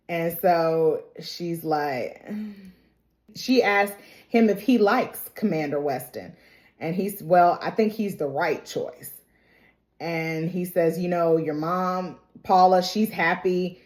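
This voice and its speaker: A TV recap vlogger with a lowish, slightly mellow voice casually recaps an episode as chatty gossip. She acts out the quotes and laughs often as she talks.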